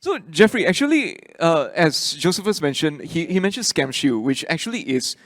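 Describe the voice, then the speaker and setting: A man's voice: on the high side, sing-song, a bit bright. A man moderating a panel, thanking a speaker and putting questions to the next one in an upbeat way. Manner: upbeat, quick handovers and questions.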